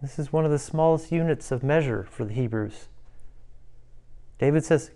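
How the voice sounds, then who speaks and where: A man's voice: fairly high pitch, normal speed. A man preaching a devotional sermon, retelling a psalm with rising passion. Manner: impassioned, rising loud when voicing David's prayers.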